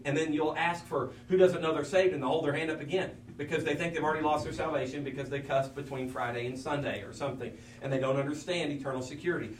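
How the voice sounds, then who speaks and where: A man, a pastor, preaching in a folksy, anecdotal way with many asides. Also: a little high. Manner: folksy storyteller, many "I mean" asides, acts out quotes. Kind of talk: anecdotal preaching to fellow ministers. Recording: roomy sound from a distance with faint hum.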